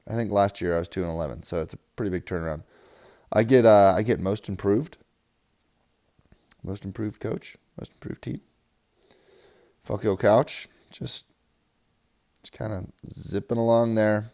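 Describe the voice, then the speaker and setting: Gravelly, crude fantasy football guy. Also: fairly low pitch, fairly even intonation, moderate pace. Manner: crude, rambling, swings from loud hype to mumbling. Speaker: fantasy football league player. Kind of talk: profane casual recap.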